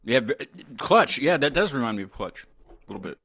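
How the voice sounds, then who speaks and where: Man, podcast host, casual chat, halting and rambling, lots of restarts. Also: medium pitch, big pitch swings, a bit bright. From United States.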